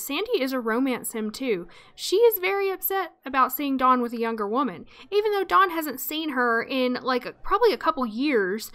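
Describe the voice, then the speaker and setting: Bright-voiced woman narrating a game. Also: high voice, lively intonation, moderate pace, few pauses. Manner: chatty, amused. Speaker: let's play host. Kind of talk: casual game commentary with storytelling.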